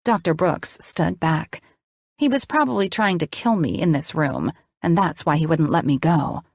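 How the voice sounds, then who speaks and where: A woman reads a first-person audiobook in a measured, expressive storytelling voice. Her pitch sits a little low. The recording is dry and close, with no room sound. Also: vocal fry, no room sound. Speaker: audiobook narrator.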